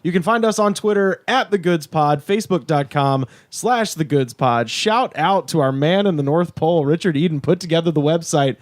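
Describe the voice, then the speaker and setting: Fairly high-voiced man hosting a podcast, dry sound. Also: dry recording. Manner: reactive, supportive, quick interjections. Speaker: podcast host. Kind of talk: casual podcast chat.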